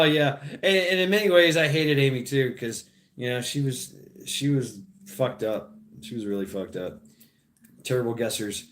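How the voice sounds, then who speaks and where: A man, maybe in his thirties, hosting a casual livestream, talking to his chat in a rambling, profane way and laughing at his own jokes. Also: medium pitch. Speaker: livestream host.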